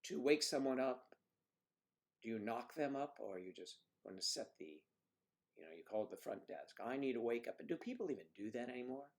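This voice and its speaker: A man's voice: mid-range voice, animated, fairly quick. A man hosting a livestream, chatting casually and rambling as he reads out viewer comments. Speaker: livestream host.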